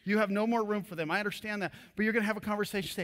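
Male pastor, high voice, lively jokey sermon delivery, long church hall reverb. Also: racing. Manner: animated, jokey storytelling preacher. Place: church auditorium.

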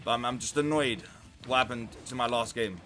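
A young man commentating his own online matches, swinging from muttered grumbles to sudden shouts. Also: medium pitch, fairly even intonation, brisk, faint music behind. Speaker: gaming YouTuber. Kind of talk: live gameplay commentary.

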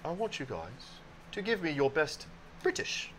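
Lively, teasing man playing a party game. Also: a little high, unhurried, a little hiss or hum, poor audio. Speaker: game show player. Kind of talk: casual party-game banter.

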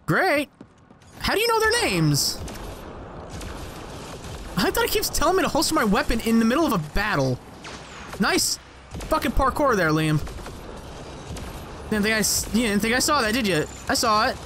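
High, lively young man gaming. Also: moderate pace, long pauses, slight background noise. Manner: excitable and sarcastic, swears, talks to the game. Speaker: let's play gamer. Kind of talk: gameplay commentary.

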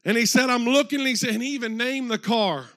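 A preacher tells a story from the pulpit in a high voice. The sound is dry and close. He quotes the people in his story at length, slowing down and rising in force on the key words. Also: pushed and bright, no echo. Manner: retells a story with many quotes, slows and swells for emphasis. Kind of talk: sermon storytelling. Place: church.

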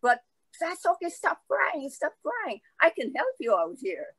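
A woman's voice: sits high, huge pitch swings, a little slow, fairly bright tone, dry recording, pitched above the performer's own voice, heavily acted. A woman voicing a small, eager young male devil who is new at his trade, with a chirpy manner.

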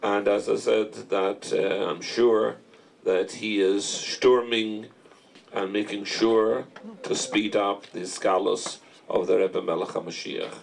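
Slow, gravelly man introducing a speaker. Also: lowish voice, steady tone, slight background noise, low-quality recording. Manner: slow, measured announcing. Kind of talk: formal introduction. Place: congress hall.

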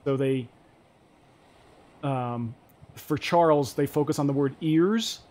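A man's voice: a little high, slow pace, darkish tone. A man casually chatting and thinking aloud while playing a survival game on stream. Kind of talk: casual let's-play chat.

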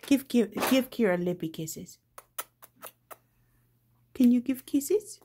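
A woman's voice: a little high, expressive, slow pace, long pauses, warm tone, slightly rough. A woman filming her pet cockatoo on a phone at home, scolding it and cooing at it in playful baby talk. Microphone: phone held in hand.

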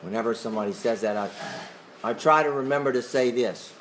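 A man's voice: mid-range voice, fairly quick, background noise. A man teaching a Bible class who questions his listeners in a conversational way and chuckles often.

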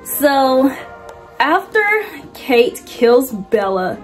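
A young woman casually recapping a movie's plot, slangy and animated, with big swoops in her voice. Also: sits high, drawn-out words, faint music behind. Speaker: movie reviewer.

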